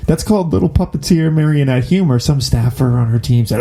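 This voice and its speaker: Man, show host, political commentary, sarcastic, mocking, gravelly, dark tone. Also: on the high side, a little fast, few pauses.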